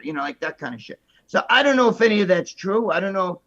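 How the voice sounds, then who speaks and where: A man's voice: high voice, lively intonation, fast, fairly bright tone, muffled recording. A man telling stories on a podcast in blunt, profane casual chat. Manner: blunt storyteller, swears freely. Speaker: podcast regular.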